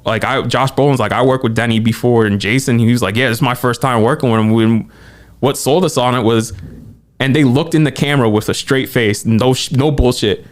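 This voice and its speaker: Excitable man gushing about a movie. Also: medium pitch, smooth. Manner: excited, animated retelling with quoted asides. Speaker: podcast co-host. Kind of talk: casual movie chat.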